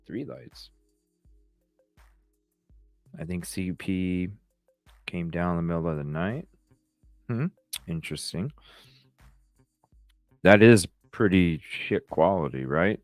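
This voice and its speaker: A man's voice: deep voice, slow pace, pauses often, no echo, faint music behind. A man hosting a late-night podcast livestream, tired and yawning, talking casually with plenty of swearing as he reads and answers viewer comments. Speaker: podcast host.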